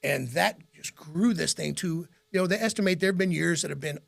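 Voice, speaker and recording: A middle-aged man whose voice is deeply gravelly and rough. He tells long, rambling stories in a relaxed interview and often breaks into laughter. His pitch sits a little higher than most men's. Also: a little fast. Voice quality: gravelly, raspy. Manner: rambling, animated anecdotes with frequent laughs. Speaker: radio host as guest. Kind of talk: casual interview storytelling.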